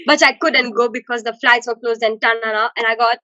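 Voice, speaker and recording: A young woman, a university student being interviewed, talking in an expressive, dramatic way and laughing often. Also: on the high side, a little fast, no room sound, dull audio. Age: young adult. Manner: expressive and dramatic, laughs often, acts out her own thoughts. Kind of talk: casual interview chat.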